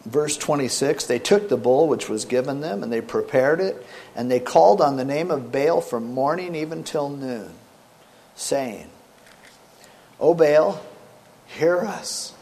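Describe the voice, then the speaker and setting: A middle-aged man preaching a sermon, animated and sarcastic, acting out the scripture quotes as he goes. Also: medium pitch, normal speed, vocal fry. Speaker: pastor.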